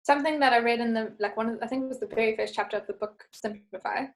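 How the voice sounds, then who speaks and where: A woman guest in a casual faith chat, telling a story in an animated way and acting out the voices in it. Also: a little high, quick pace, poor audio. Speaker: podcast guest.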